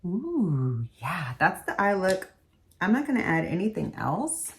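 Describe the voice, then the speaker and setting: A woman's voice: fairly low pitch, big pitch swings, measured pace. A woman beauty vlogger chatting casually as she does her makeup in a tutorial. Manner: chatty, talks while doing makeup.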